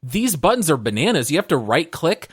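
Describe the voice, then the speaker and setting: A man's voice: a little high, big pitch swings, brisk, breathy edge, no room sound, studio quality. A man co-hosting a casual gaming podcast, earnest and enthusiastic, with a wry edge. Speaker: podcast co-host.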